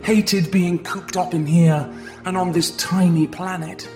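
A woman voicing a weary, grieving alien mother in a hushed, low voice for an audiobook. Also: fairly even intonation, measured pace, soft background music, natural voice. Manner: low, hushed, heavy delivery. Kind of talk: audiobook character voice.

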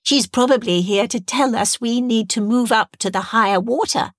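A woman playing a sharp little alien sea creature girl who corrects everyone, with a raised pitch. She stays lively and sounds close and dry, like a storybook reading. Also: moderate pace, dry recording, lightly acted. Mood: matter-of-fact. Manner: matter-of-fact, correcting.

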